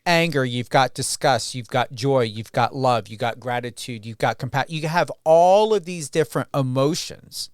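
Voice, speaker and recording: Smooth, dry-voiced male host. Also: medium pitch, normal speed, few pauses, dry recording. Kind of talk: interview conversation.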